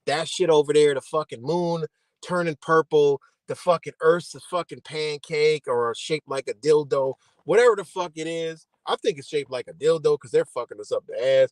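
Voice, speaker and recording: A man with a high voice hosts a livestream in a loose, profane rant. He reads stiff legal passages aloud, then swerves back into heated street talk, sounding close and dry with no room around him. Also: no room sound. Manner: animated and profane, swinging between reading and ranting. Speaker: livestream host. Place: home livestream setup.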